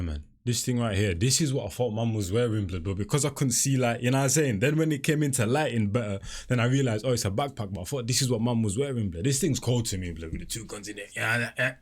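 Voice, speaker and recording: A man's voice: mid-range voice, animated, fast. A young man, reacting to music in chatty commentary full of street slang. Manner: chatty, heavy street slang, frequent fillers. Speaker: music reaction channel host.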